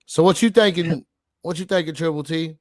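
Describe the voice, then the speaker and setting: A man's voice: fairly high pitch, brisk, dry recording, studio quality. Hyped, slangy male livestream host. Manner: hyped, slangy, shouting out the chat. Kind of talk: casual livestream chat.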